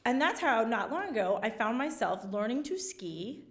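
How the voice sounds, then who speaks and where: A woman tells a comic, self-deprecating story live on stage, her fairly high voice swooping up and down. She acts out each quote with big energy. The talk runs as stage storytelling to a crowd. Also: sing-song, normal speed. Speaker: reporter. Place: stage before a live audience.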